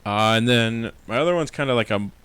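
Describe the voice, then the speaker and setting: A man co-hosting a casual movie review podcast, chatty and quick to laugh as he retells scenes. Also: medium pitch, a bit bright, clean tone, poor audio. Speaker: podcast co-host.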